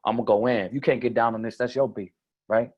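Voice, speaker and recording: A man voicing a laid-back young street man who drawls in slang with a low, mumbly voice. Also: steady tone, fast talker, dull audio, lightly acted. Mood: swaggering.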